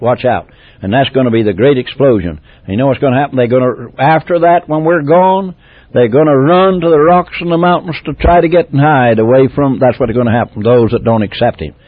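A man preaching a testimony sermon, swinging from loud exclamations to hushed, tender tones, repeating phrases and restarting as he goes. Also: mid-range voice, no room sound. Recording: tinny phone-like dry tape recording.

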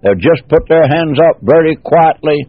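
A man's voice: fairly high pitch, lively intonation, no room sound. Man preaching over a tinny line. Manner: slow, drawn-out preaching with repetition. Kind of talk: sermon.

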